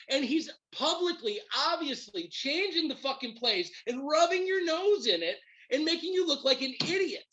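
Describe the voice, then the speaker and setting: A man's voice: very high voice, normal speed, muffled recording. A man hosting a podcast, ranting about his football team in heated, profane commentary. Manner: profane, heated, animated rant. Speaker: podcast host. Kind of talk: ranting sports fan commentary.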